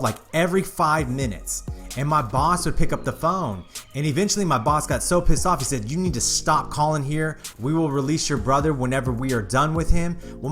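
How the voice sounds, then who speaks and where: Sounding slightly high and fairly bright, a man on his own YouTube channel opens up to viewers with a personal story. The tone is casual, candid, and earnest.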